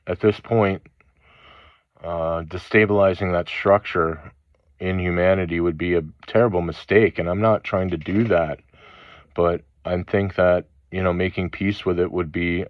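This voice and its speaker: A man with a low, heavy voice rants through a rambling spiritual monologue, swearing angrily and stopping between phrases. The recording is dull and lo-fi, with no room sound. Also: no echo. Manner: angry, profane ranting with halting pauses. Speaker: channel host.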